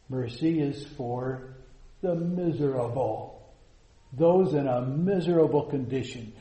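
A man preaching a sermon, slow and emphatic, dropping to hushed lines and rising to loud, soaring quotations. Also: on the high side, echoey room, rough recording. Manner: slow, drawn-out emphatic delivery.

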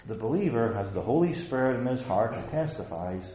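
A man's voice: medium pitch, animated, a little fast, dark tone, slight background noise. Emphatic preacher man in a roomy church. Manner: emphatic, rhetorical repetition. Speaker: pastor. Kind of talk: sermon. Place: church sanctuary. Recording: roomy, dull lo-fi recording.

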